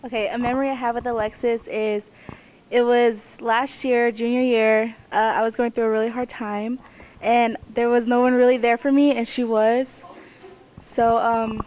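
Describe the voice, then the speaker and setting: A woman's voice: fairly high pitch, flat delivery, normal speed, darkish tone. A teenage girl sincerely describing how a friend supported her, for a memorial. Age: teens. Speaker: classmate sharing a memory. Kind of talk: memorial tribute.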